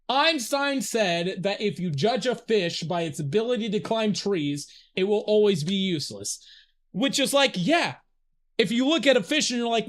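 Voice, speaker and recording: A man live-streaming a video game, talking in a rambling, profane, excitable way and laughing often. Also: high voice, normal speed. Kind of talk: live gameplay stream chat.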